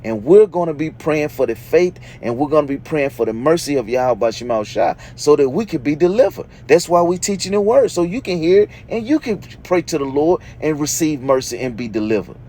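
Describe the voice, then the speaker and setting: A man's voice: fairly high pitch, expressive, a little fast, hardly any pauses, mellow, a little hiss or hum. A man teaching a sermon, reading verses aloud and explaining them emphatically, checking in with "okay?" after nearly every point. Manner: emphatic, repeats "okay?" often, reads scripture aloud then explains. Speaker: preacher.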